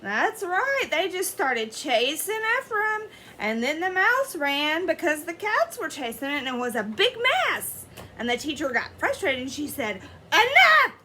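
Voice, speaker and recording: A woman teacher reading a picture book aloud to children in an expressive way, pausing to ask them questions. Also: high voice, a little hiss or hum. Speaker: elementary school teacher. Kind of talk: children's story read-aloud.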